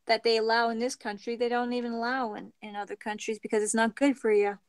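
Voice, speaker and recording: A middle-aged woman from Canada chatting casually on a craft livestream, meandering and trailing off into soft murmurs. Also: a little high, level tone, fast, smooth.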